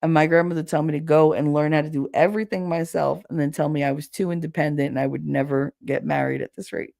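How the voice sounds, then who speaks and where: A woman's voice: deep voice, fairly even intonation, quick pace, vocal fry, darkish tone, no echo, clean studio sound. A woman vlogger telling stories about her family in a blunt, sarcastic, casual way. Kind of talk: casual storytelling.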